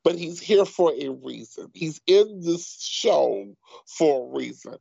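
A gravelly man co-hosts a casual TV recap podcast, steering the talk with a wry, emphatic manner. His voice is mid-pitched and rough. The audio is dry, dull and lo-fi. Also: animated, slow, dark tone, no echo. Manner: leads the segment, wry and emphatic. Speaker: podcast co-host.

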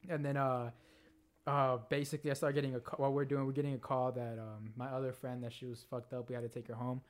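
A young man co-hosting a casual podcast, telling a party story in an animated way, swearing a lot and acting out what people said. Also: medium pitch, quick pace. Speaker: podcast co-host.

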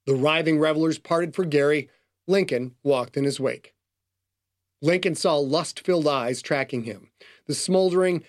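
A man giving scripted audiobook narration in a dry, matter-of-fact way. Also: fairly high pitch.

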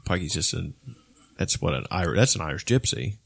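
A man's voice: low-pitched, expressive, moderate pace, creaky, fairly bright tone, breathy edge, no echo. A man in casual podcast chat, telling rambling stories full of restarts and swearing. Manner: rambling storyteller, swears often, many restarts.

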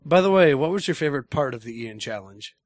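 Hoarse man co-host, joking gaming chat, dry sound. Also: a little high, animated, quick pace, no echo. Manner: joking, playful. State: hoarse from being sick. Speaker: podcast co-host. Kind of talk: casual gaming podcast chat.

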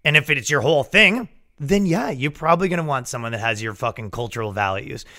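A man hosting a podcast, riffing in a profane, animated comedic rant. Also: mid-range voice, fairly quick. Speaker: podcast host.

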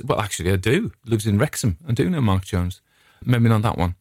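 Chatting casually and digressing often, a middle-aged English podcast host spins friendly stories on his own show. His voice is on the low side, animated, a little fast and a little mellow. There's no room sound, and the quality is studio grade.

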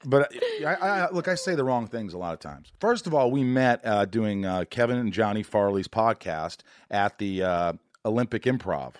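A man's voice: fairly low pitch, lively intonation, moderate pace, few pauses, dry recording, studio quality. A man hosting a podcast, chatting casually in a rambling, jokey, self-deprecating way. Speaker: podcast host. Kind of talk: casual interview chat.

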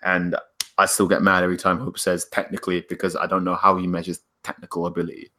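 A man co-hosting a casual football podcast, animated and quick to argue, laughing often. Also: low voice. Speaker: podcast co-host. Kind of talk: casual chat.

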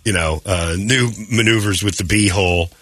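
A man's voice: low-pitched, normal speed, a bit bright, dry recording. A man hosting a morning radio show, telling stories in crude, joking, casual talk on a studio microphone.

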